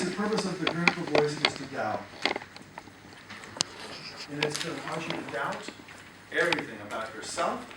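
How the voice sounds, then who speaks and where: A man speaking as a motivational seminar speaker in a lively way and asking the audience questions. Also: sits high. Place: large hall with audience. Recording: echoey hall, distant mic, noisy.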